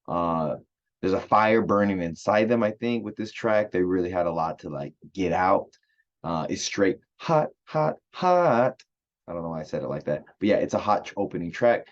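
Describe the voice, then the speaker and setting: A man with a very low voice talks through an album review in a loose, chatty way. He leans on fillers like "uh" and "like" and sounds keen on the music. The recording is a bit dull and lo-fi. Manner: chatty, filler-heavy, enthusiastic. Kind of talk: casual music review monologue.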